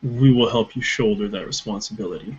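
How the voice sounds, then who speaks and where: A man voicing a polite, calm dragonborn adventurer who speaks in a measured way. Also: on the low side, husky, muffled recording. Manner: courteous, measured.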